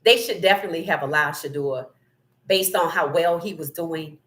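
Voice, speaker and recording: A woman's voice: sits low, normal speed. Opinionated woman livestreaming sports takes. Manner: animated, opinionated, laughs often. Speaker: sports talk livestream host. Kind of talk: casual livestream commentary reading chat.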